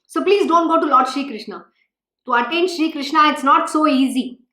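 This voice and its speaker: A woman's voice: high-pitched, moderate pace, sharp tone, roomy sound. A woman giving an emphatic, scolding devotional talk as a spiritual teacher, full of rhetorical questions.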